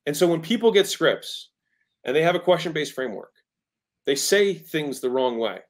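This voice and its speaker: A man's voice: fairly high pitch, animated, moderate pace. Emphatic man explaining sales technique. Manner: emphatic, keeps checking in with "right?"; acts out tones of voice to make points. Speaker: guest entrepreneur. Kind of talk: casual interview, teaching sales.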